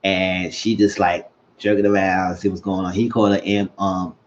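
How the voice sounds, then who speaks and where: Animated man recapping a TV episode. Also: low-pitched, moderate pace, a little hiss or hum. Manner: animated, retells scenes, acts out quotes. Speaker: show recap host. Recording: dull lo-fi sound.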